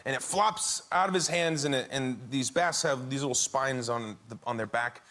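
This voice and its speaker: A man's voice: medium pitch, normal speed. A man as a chat show guest, telling a family anecdote with lots of laughter. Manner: laughing storyteller, animated. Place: TV studio with audience. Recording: studio audience laughter and noise.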